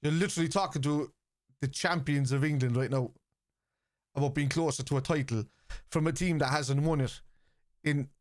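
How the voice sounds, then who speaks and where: A man's voice: on the high side, fairly even intonation, normal speed, pauses often, no room sound. Blunt sweary Scouse man, dry sound. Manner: blunt, sweary, argues with chat, shouts player names. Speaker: football watchalong streamer. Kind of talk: live stream chat and match reactions.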